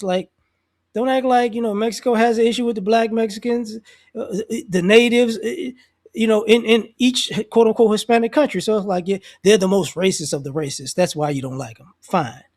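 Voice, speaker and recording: A man's voice: extremely high pitch, darkish tone. A man talking off the cuff in a loose, slangy way, restarting his sentences as he shares his views on society. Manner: acts out other people's voices in quotes. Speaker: commentator. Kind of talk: casual social commentary monologue.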